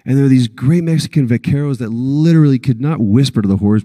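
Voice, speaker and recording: A man's voice: fast talker, no room sound, in a large hall. A man in his thirties from Texas, telling a story on stage at a convention panel, acting out the quotes. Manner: animated storyteller, acts out quotes with big pitch jumps. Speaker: panel guest.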